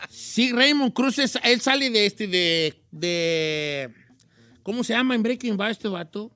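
A male host talks with excited, rambling energy and switches freely between two languages. His voice is high and bright, and the recording is close and dry. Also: normal speed, no room sound, soft background music. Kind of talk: casual interview talk.

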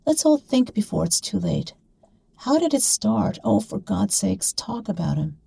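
A dying woman friend who coaxes and insists, soft but pressing, as a woman storyteller puts her on. Her voice is husky and gravelly. It is close and dry. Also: mid-range voice, sing-song, measured pace, no echo, voice pushed up, full character voice.

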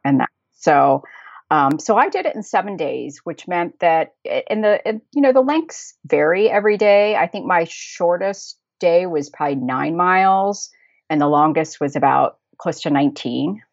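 A chatty American woman in a relaxed interview, her voice sitting a little low. She recounts her travels freely, laughing between phrases and circling back with plenty of fillers. The sound is close and dry, with a slightly dull, lo-fi tone. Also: normal speed, creaky, no room sound. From United States. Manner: chatty, laughs often, many fillers and restarts. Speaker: guest, travel blogger. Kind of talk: casual conversational storytelling.

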